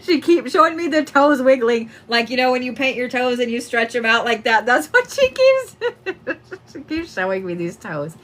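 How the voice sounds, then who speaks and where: A woman's voice: fairly high pitch, very animated, normal speed, fairly bright tone. A young woman giving a casual psychic reading, laughing often and swearing freely. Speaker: psychic medium. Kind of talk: live-stream reading.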